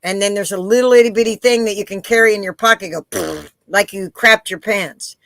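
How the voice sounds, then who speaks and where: A woman hosting a live interview, telling stories in an animated way and acting out the voices of the people in them. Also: medium pitch, brisk, no room sound. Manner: animated storyteller, acts out quoted voices. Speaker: interview host. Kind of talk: casual live interview chat.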